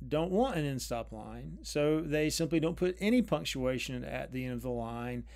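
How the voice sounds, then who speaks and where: A man giving an unscripted lecture on poetry, thoughtful and careful, often pausing and restarting his phrases. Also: medium pitch, vocal fry, a little mellow. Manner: thoughtful, with frequent restarts and drawn-out pauses.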